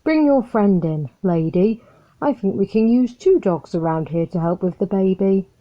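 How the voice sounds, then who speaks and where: A woman's voice: mid-range voice, expressive, moderate pace, lightly acted. A woman voicing a young husband and dog owner who speaks firmly but kindly in a storybook reading. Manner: scolding then welcoming. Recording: muffled lo-fi recording.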